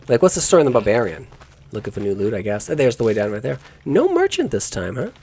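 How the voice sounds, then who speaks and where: Lowish husky guy doing let's play commentary, voice jumps up and down a lot, rambly. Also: lively intonation, very fast, darkish tone. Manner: musing aloud, rambling asides with self-corrections. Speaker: gaming YouTuber.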